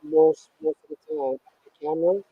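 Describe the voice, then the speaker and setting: A woman's voice: low-pitched, big pitch swings, brisk, creaky, slightly rough, phone-quality sound. A woman on a video call giving casual advice, with short affirmations in between. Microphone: webcam on a video call.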